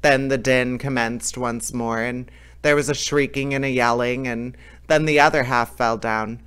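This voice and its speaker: Guy reading a fairy tale out loud, lively, little slips, smooth clear voice. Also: mid-range voice, unhurried. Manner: lively, with small slips and restarts. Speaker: storyteller.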